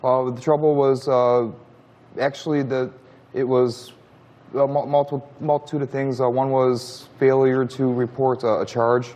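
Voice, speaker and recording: A man in his thirties, a talk show guest answering questions in a halting, defensive way with many restarts. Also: mid-range voice, flat delivery, warm tone. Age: 30s. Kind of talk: studio interview answers.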